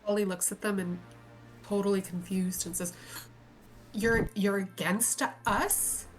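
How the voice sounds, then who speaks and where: A woman's voice: mid-range voice, steady tone, unhurried, soft background music. Woman, tabletop player, puzzled and questioning. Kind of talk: in-character table play.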